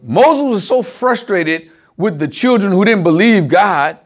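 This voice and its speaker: A man with a notably high voice gives an informal sermon to a small group. He talks conversationally, tossing out rhetorical questions and chuckling as he goes. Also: animated, a little slow.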